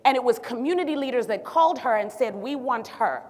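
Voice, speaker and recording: A physician and city health director from Zimbabwe tells her story in a public talk on stage, speaking fairly quickly in a slightly high voice. She keeps throwing sassy, animated asides to the audience. A long reverb trails each phrase through the large hall.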